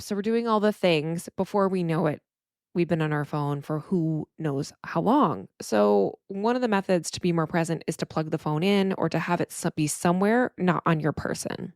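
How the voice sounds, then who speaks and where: A woman's voice: fairly low pitch, no echo, clean studio sound. A middle-aged woman therapist hosting her podcast alone, talking candidly and emotionally with frequent restarts. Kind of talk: reflective solo podcast monologue.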